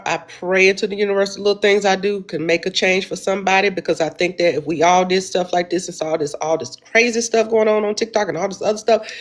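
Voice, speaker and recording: Animated woman hosting a livestream. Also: mid-range voice. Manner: animated, exclaiming, calls listeners baby. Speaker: host of a weekly affirmation livestream. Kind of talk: casual livestream chat.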